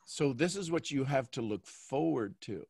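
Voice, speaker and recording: A man hosting a coaching call, talking in a playful, animated way and acting out little quotes. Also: medium pitch, moderate pace, creaky, breathy edge, dry recording, studio quality. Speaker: host and mentor.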